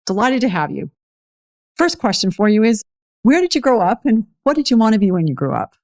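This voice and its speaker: A woman's voice: medium pitch, big pitch swings, darkish tone, no echo, studio quality. Polished podcast host woman. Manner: polished, measured delivery. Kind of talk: scripted podcast intro and interview.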